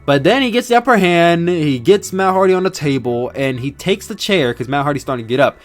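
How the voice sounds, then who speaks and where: A young man in casual chat, recapping wrestling, excitable and rambling with frequent restarts. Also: on the high side, brisk, faint music behind. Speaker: podcast host reviewing wrestling.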